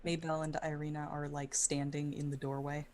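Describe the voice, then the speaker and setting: Low-voiced woman running a tabletop game. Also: brisk, a little hiss or hum. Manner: relaxed, hesitant narration with many fillers. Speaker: game master.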